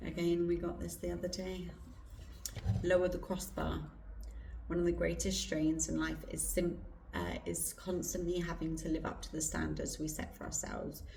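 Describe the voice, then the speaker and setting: Woman doing a slow card reading, low gravelly voice, kinda hoarse, echoey room, mic a bit far. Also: a little hiss or hum. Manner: slow, soft and reflective, with pauses. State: hoarse throat. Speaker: intuitive card reader. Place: indoor room with incense burning. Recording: roomy, distant mic.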